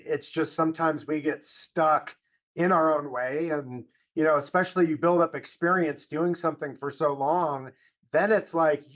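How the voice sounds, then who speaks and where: A man's voice: fairly high pitch, a bit bright. A man hosting a podcast, talking in a reflective, encouraging way with many fillers. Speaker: podcast host. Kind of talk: casual conversation.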